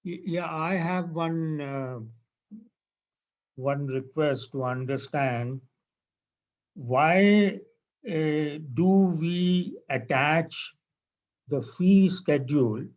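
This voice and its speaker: A man's voice: on the high side, drawn-out words, long pauses, highs cut off. A man in a training session asking a question hesitantly with a stumbling start. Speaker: training participant.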